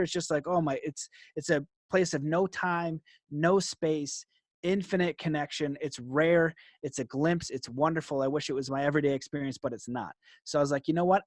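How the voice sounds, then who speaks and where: Animated high-voiced man telling a story. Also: no echo, clean studio sound. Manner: animated, laughs often, frequent "like". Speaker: guest. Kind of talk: storytelling in an interview.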